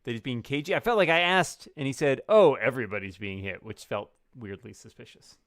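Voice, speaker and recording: A man's voice: medium pitch, lively intonation, fairly quick, bright, forceful tone, dry recording. A man playing in a tabletop game, bantering and teasing in casual chat. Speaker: player.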